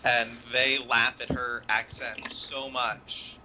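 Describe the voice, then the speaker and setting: A man's voice: mid-range voice, level tone, slow, background noise. A man chatting casually with hesitant phrasing and fillers. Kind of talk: casual chat.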